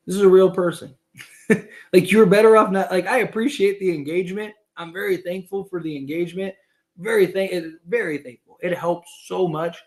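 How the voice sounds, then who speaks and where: A man's voice: on the high side, creaky. A man hosting a casual livestream about basketball, rambling with many fillers and laughing often. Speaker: basketball commentator and streamer.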